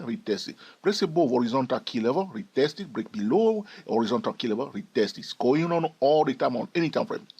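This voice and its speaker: A man's voice: medium pitch, slightly rough. A man giving a trading lesson over price charts, emphatic and repeating key phrases. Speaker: trading educator.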